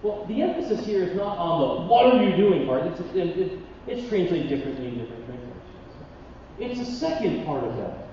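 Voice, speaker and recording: A man's voice: high voice, a little hiss or hum. Man preaching in an echoey hall. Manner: expressive Bible reading, dramatic pauses, conversational asides. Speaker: pastor. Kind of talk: sermon. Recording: distant mic in a reverberant hall, dull sound.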